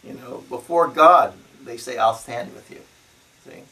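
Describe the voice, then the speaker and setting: A man, a spiritual teacher, speaking slowly and deliberately, repeating himself and tagging his phrases with "See?" and "you know.". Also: medium pitch, pushed and bright. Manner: slow, deliberate and repetitive. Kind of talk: spiritual talk. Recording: voice from a distance to the mic.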